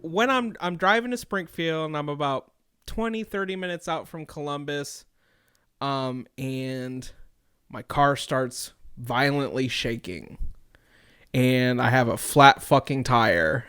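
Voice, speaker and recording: A young man co-hosting a podcast, telling a story in a casual, profane, animated way. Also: medium pitch, measured pace, clear, resonant tone, no room sound, clean studio sound. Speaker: podcast co-host.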